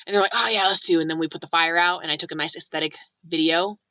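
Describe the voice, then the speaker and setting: Bright chatty young woman vlogger. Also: on the low side, fast, dry recording. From California. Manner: chatty, lots of "like", animated quoting. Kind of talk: casual storytelling vlog.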